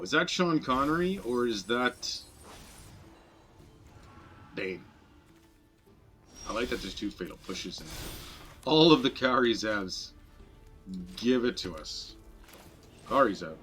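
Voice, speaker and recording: A man with a lowish voice chats his way through a digital card game stream, narrating each play as it comes to mind. He pokes fun at himself easily and keeps the tone loose and conversational. Faint music plays underneath. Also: fairly bright tone. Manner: chatty, self-deprecating, thinking aloud. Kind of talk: casual gameplay commentary.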